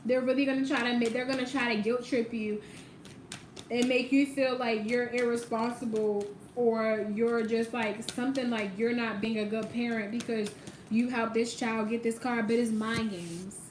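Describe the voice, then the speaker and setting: A woman's voice: on the high side, fairly even intonation, moderate pace, a little mellow, reverberant, a little hiss or hum, poor audio. A woman doing a casual tarot reading, talking straight to the viewer with emphasis and casual swearing. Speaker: tarot reader.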